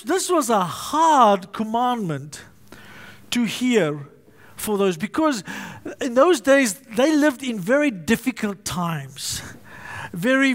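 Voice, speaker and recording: A male pastor preaching a sermon, emphatic and fond of repetition and alliteration. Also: extremely high pitch.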